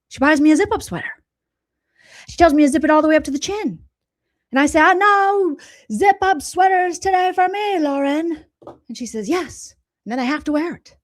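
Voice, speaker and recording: A woman doing a mocking impression of a middle-aged man who whines loudly about his wife making him wear sweaters. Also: high-pitched, brisk, pitched above the performer's own voice, close to an everyday voice. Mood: whiny. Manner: mocking, exaggerated, loud.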